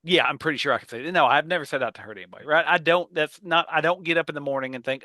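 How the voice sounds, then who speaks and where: Bright, nerdy stammering man. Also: fairly high pitch, rapid-fire, dry recording. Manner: nerdy, self-mocking, stammers on restarts. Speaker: podcast co-host. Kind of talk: casual chat.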